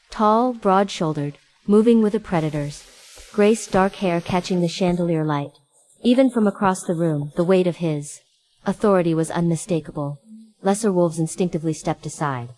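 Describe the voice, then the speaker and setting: A woman narrating a first-person story in a steady, even manner. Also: fairly low pitch, low-quality recording.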